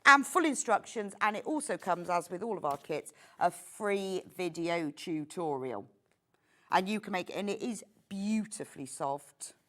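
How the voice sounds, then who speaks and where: A woman's voice: fairly low pitch, animated, measured pace, a bit bright. A middle-aged woman presenting a live home-shopping show, chatty and gushing with enthusiasm.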